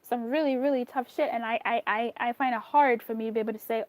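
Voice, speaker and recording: A woman's voice: fairly high pitch, steady tone, quick pace, hardly any pauses, no echo. Chatty, swearing woman tarot reader. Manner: candid and chatty, swears freely, giggles between thoughts. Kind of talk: casual tarot reading to camera.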